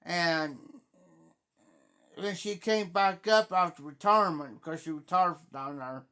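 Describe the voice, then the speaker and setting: The livestream host, a middle-aged Ohioan with a southern Ohio Appalachian accent, rambles in a folksy, casual manner and calls out viewers by name. His voice is on the high side, bright, forceful and clean, and he talks a little slowly.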